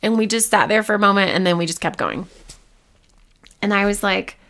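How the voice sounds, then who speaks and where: A woman hosting her own podcast, telling a personal story straight to the listener. She acts out her past self and others in quick snippets and jumps far up in pitch for the excited lines. Her tone is casual and confessional, with a medium voice. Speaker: podcast host.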